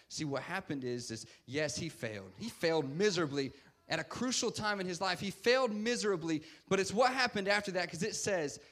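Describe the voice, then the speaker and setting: A man's voice: fairly high pitch, fairly bright tone. A man preaching a casual sermon, emphatic and conversational, often repeating "guess what".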